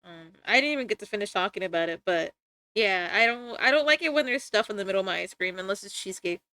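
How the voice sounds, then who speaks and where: A young woman livestreamer chatting casually to her viewers, giggly and rambling, with sudden bursts of excitement. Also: medium pitch, quick pace, dry recording. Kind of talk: casual stream chat.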